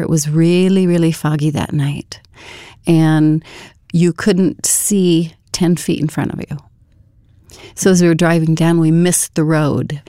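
Mellow-voiced woman recounting a story. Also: on the low side, no echo, clean studio sound. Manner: conversational, full of fillers and self-corrections. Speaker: guest telling her story. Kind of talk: personal testimony storytelling.

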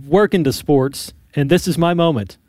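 A man on a radio talk show panel who delivers stories with energetic sports-commentator flair. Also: fairly high pitch, normal speed, dry recording. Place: radio studio. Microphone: studio microphone.

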